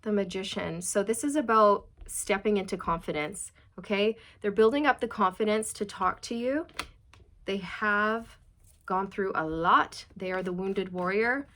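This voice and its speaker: A woman's voice: mid-range voice, unhurried, a bit bright. A woman giving a casual tarot reading to her viewers, chatty and direct, asking many rhetorical questions. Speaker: tarot reader.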